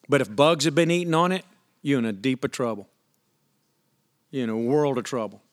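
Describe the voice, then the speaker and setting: A man preaching a sermon in a conversational, candid way, asking the listeners rhetorical questions. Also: medium pitch. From United States. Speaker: pastor.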